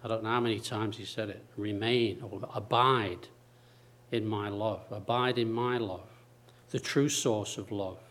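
A man preaching a sermon slowly and deliberately, repeating phrases and pausing for emphasis. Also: fairly low pitch, fairly even intonation, a bit bright.

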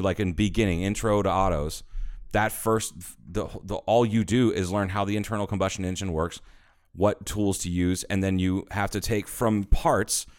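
A man co-hosting a podcast, telling stories in casual chat, animated and swearing freely. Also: lowish voice. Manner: animated storyteller, swears a lot, acts out quotes. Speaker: podcast co-host.

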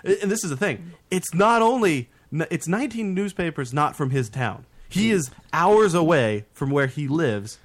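A man's voice: a little high, moderate pace, hardly any pauses. A man telling a story in casual chat with friends, swearing often and acting out what each person said. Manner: animated, swears, acts out quotes.

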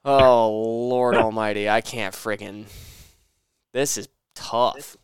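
A man's voice: mid-range voice, takes it slowly, clear, resonant tone, no echo, studio quality. A man co-hosting a casual podcast while playing a video game, ranting and cursing at his plays. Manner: animated, rants and swears at the game. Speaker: podcast co-host.

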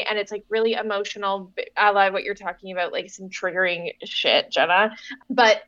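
A woman co-hosting a podcast in casual chat, rambling and animated as she retells scenes. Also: mid-range voice, normal speed. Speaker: podcast co-host. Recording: dull, dry recording.

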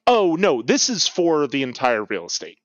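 A man's voice: medium pitch, wildly swooping pitch, normal speed, dry recording. A man playing as a guest in an audio puzzle game, musing over clues with dry humor. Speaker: guest player. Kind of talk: casual game chat. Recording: dull lo-fi sound.

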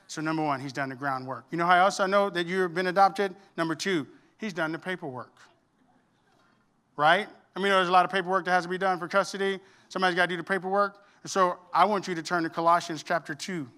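A middle-aged man, preaching a sermon with emphatic swings between loud declarations and quiet asides. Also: on the high side. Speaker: pastor.

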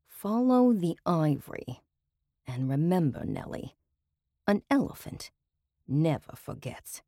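A woman's voice: lowish voice, big pitch swings, measured pace, darkish tone, no echo, clean studio sound. A woman reading an audiobook, voicing a haughty wealthy dame with put-on British airs, imperious and theatrical. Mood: hushed. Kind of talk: audiobook character voice.

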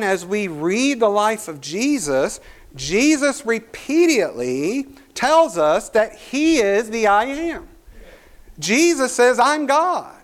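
A male pastor preaching a sermon, reading scripture aloud and building to emphatic points. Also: high-pitched.

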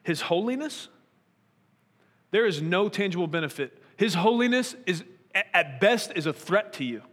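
Bright-toned preacher in a reverberant hall. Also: male voice, sits high, expressive, normal speed. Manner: earnest, probing rhetorical questions. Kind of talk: sermon.

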